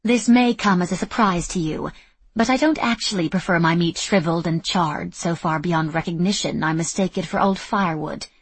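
A frustrated young woman fighter speaks earnestly and is hard on herself, voiced by a woman narrator. The voice is husky and low, with dry close sound. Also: normal speed, no room sound. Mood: sarcastic. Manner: earnest, self-critical. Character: frustrated young female fighter, self-doubting.

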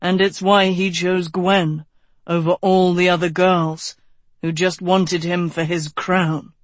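An audiobook narrator voicing a calm, blunt, world-weary knight who talks dryly and frankly, a bit lower than the narration. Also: no room sound, close to an everyday voice. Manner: dry, unhurried, frank.

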